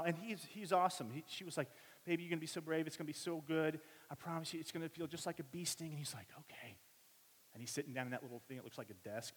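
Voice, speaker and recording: A man in his thirties preaching a sermon, telling family stories in an animated way and acting out everyone's voices. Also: medium pitch. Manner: animated storytelling, acts out voices of family members. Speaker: pastor. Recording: long reverb of a large hall.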